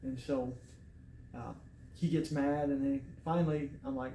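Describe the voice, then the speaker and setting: A man's voice: mid-range voice, steady tone, moderate pace, warm tone. A young man earnestly retelling a personal story in casual talk, quoting himself and others as he goes. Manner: earnest, quotes himself and others, repeats words. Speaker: storyteller recounting his arrest. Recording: echoey room, faint background noise.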